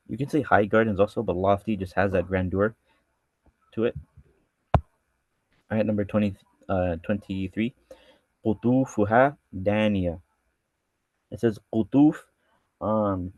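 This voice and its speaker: Fast-talking man teaching scripture. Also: fairly low pitch, warm tone, dry recording. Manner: reads Arabic verses, then translates and explains with many restarts; casual and conversational in his explanations. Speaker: religious studies teacher. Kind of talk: verse-by-verse scripture lesson.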